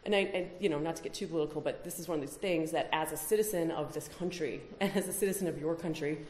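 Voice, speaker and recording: A woman's voice: sits low, fast talker, a little mellow, echoey room, slight background noise. A woman giving a conference talk, emphatic, with rhetorical questions. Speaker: conference speaker. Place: conference hall.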